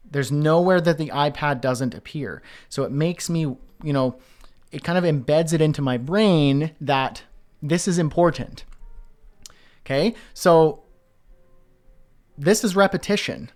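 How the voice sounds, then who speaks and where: A man whose voice is a little high teaches web design casually via a screen-share walkthrough. He thinks aloud as he goes, using fillers and starting sentences over.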